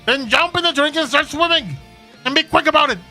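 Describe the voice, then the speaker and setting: A man's voice: high-pitched, moderate pace, sharp tone, faint music behind. A man voicing a boastful, theatrical pirate captain in a fan voice-over of game dialogue, drawing out his words in old-timey pirate speech. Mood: furious.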